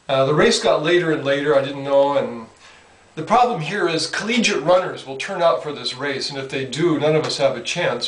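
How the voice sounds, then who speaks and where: A man's voice: fairly high pitch, fairly bright tone. Wry older man, distant in a roomy space. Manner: dry, self-deprecating wit. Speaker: author. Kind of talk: mock interview, humorous. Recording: roomy sound from a distant mic.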